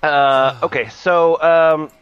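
A man's voice: on the high side, steady tone, slow pace, fairly bright tone, dull audio. A man co-hosting a comedy podcast who hesitates, with many ums and uhs. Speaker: podcast co-host.

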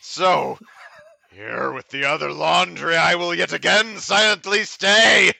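A man co-hosting a comedy podcast, reading a poem aloud in a slow, mock-solemn way. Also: a little high, gravelly, bright, forceful tone, no room sound. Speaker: podcast co-host reading poems. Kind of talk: comic dramatic poetry reading.

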